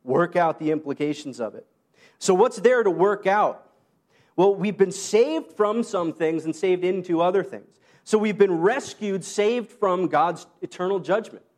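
A man with a high voice preaches a sermon in a loose, conversational way. He slips in self-deprecating asides and short laughs, and his voice climbs higher when he quotes the apostle. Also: lively intonation, a little slow, darkish tone. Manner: rises high when quoting Paul. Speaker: pastor.

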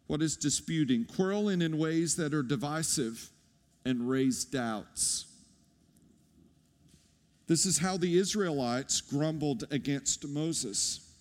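High, slow-speaking man preaching. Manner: animated, conversational preaching with audience asides. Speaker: pastor. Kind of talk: sermon. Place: church sanctuary. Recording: long hall reverb.

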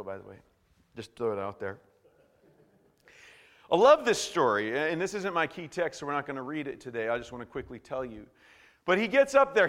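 A man preaching a sermon in an animated way, swinging from hushed to loud. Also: a little high, big-room sound. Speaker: pastor.

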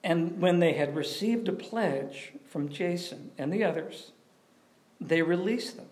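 A man preaching a sermon in a conversational, animated way, often asking questions of the audience. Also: high voice, measured pace. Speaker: pastor.

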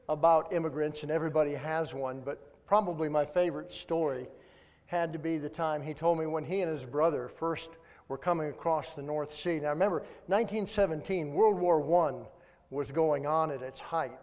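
An older man, a guest speaker, preaching a sermon and telling a family story in a folksy, animated way. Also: fairly high pitch, moderate pace. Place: large church sanctuary. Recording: long reverb of a large hall. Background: congregation.

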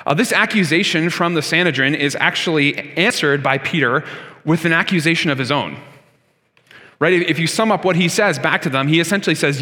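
A man's voice: on the high side, expressive, fairly quick, sharp tone. Earnest male preacher in a reverberant hall. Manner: earnest, conversational preaching with rhetorical questions. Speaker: pastor. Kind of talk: sermon. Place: church sanctuary.

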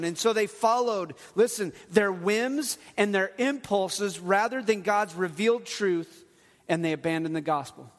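Middle-aged man, pastor, earnest conversational sermon, high voice, echo of a large hall. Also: moderate pace. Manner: earnest, conversational preaching with humor and repeated "listen". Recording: long hall reverb.

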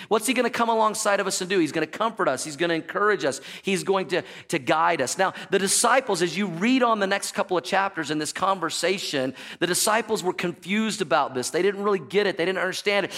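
A pastor preaching a sermon in a church, animated and joking, and calling out to the congregation for answers. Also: male voice, high-pitched, brisk. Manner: jokey storytelling asides. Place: church sanctuary.

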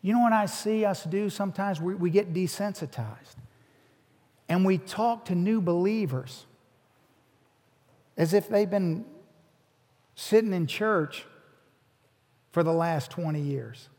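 A man's voice: high voice, takes it slowly, long pauses, a little mellow. A man preaching a sermon as a pastor, earnest and repeating his words as he builds each point. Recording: long hall reverb.

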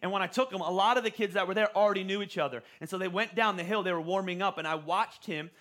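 A pastor in his forties preaches in a relaxed, conversational way, often restarting phrases with repeated words. His voice sits high for a man and sounds bright and forward. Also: fast. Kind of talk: sermon.

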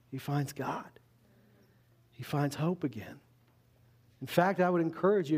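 Animated male pastor preaching conversationally. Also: a little high. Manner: conversational, animated, quick asides. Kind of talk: sermon.

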